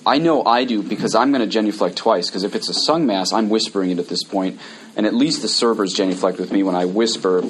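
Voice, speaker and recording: Low-voiced priest teaching a class. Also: male voice, fast, slight background noise, low-quality recording. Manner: explains step by step, reciting prayers then commenting.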